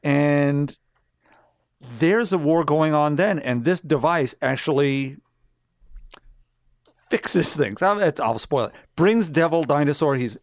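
A man co-hosting a podcast, recapping a comic in steady, detailed casual chat. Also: fairly high pitch, takes it slowly, pauses often, no echo, clean studio sound. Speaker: podcast co-host.

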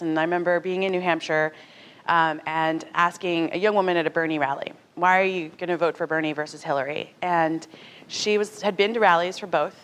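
A woman in her thirties giving a talk to an audience in a conversational, animated way, often acting out what others said. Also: fairly low pitch. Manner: animated, conversational, acts out quotes. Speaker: speaker at a talk.

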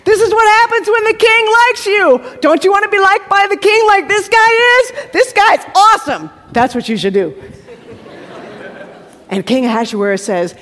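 A woman preacher retelling a story in a lively sermon, acting out the characters and dropping to a hush at tense moments. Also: very high-pitched, moderate pace. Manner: acts out the characters with shifting voices, drops to hushed tones. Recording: hall reverb from a live talk.

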